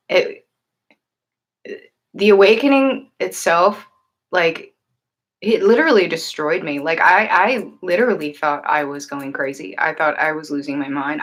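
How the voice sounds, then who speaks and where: Woman with a lowish voice, hosting a home livestream; casual and earnest, loose rambling delivery. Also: fairly bright tone. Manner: earnest, rambling, many fillers and restarts. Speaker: livestream host and tarot reader. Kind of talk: casual livestream chat answering viewers.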